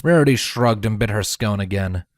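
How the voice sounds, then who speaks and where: Low-voiced man narrating a story. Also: normal speed, no echo. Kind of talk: fan fiction audiobook narration.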